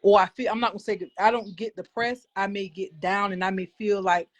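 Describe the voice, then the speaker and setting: A woman's voice: mid-range voice, little pitch movement, brisk. Earnest woman sharing a faith testimony. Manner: earnest, reflective, speaks of faith openly. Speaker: guest. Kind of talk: personal faith testimony in conversation.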